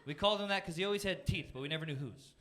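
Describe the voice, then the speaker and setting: A young man from Florida works a comedy club crowd with a high, light voice and punchy, self-deprecating delivery. He uses a handheld stage mic, and the live room is noisy with audience laughter behind him. He slips quickly into goofy character voices. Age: 20s. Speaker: stand-up comedian. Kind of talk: stand-up comedy set.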